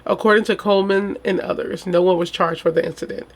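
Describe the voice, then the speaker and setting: A woman with a fairly low, steady voice talks fast as she hosts a true crime channel, reading a case report and then reacting with indignant, casual chat packed with rhetorical questions. She's chatty and calls her viewers "y'all."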